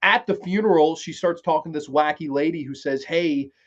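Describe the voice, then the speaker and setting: A man's voice: on the high side, muffled recording. A man hosting a podcast, casually recapping a TV episode in a rambling, profane way. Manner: rambling, profane, with quick acted quotes. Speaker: podcast host reviewing a TV series.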